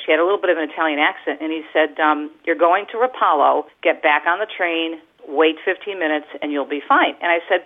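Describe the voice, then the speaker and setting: A middle-aged woman, an author and radio host, animatedly telling a story in an interview, with frequent fillers. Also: low voice. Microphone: phone line. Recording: tinny phone line.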